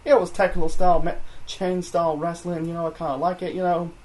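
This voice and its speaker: A man's voice: a little high, little pitch movement, fast talker, darkish tone. A young man reviewing wrestling in a rambling, casual chat full of fillers and self-corrections.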